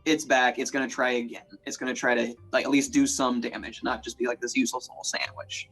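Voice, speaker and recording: A man's voice: medium pitch, little pitch movement, quick pace, few pauses, a bit bright, slightly rough, soft background music. Man narrating as a chatty game master. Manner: playful, chatty narration with many fillers.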